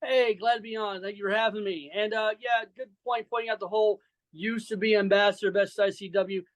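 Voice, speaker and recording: A wrestler in his forties from Saint Louis, Missouri, chats loosely as an interview guest, using plenty of fillers and some brash trash-talk. His voice is high-pitched and steady, and he talks briskly. The recording is rough but has no echo.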